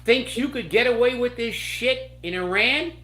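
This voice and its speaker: A man's voice: very high-pitched, normal speed, pushed and bright, roomy sound, poor audio. A man hosting a political commentary show, ranting with angry indignation.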